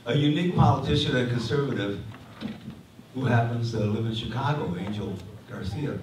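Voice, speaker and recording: A man's voice: mid-range voice, normal speed. A man moderating a panel at a conference, introducing the speakers with joking asides and many restarts. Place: community hall. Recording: echoey hall from far off, faint noise.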